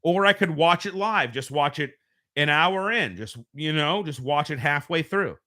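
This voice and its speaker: This is a man from the US running a laid-back home live stream, picked up by his home streaming microphone. He sounds a little high and animated, with a sharp tone and a moderate pace. He wanders off-topic chattily and corrects himself as he goes.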